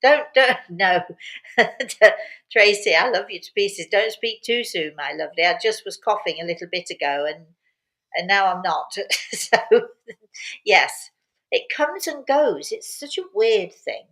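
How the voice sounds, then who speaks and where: A woman's voice: medium pitch, animated, a little slow, a bit bright, rough recording. An older woman hosting a casual live chat, upbeat and rambling, laughing often and fighting a lingering cough. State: intermittent cough. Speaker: host.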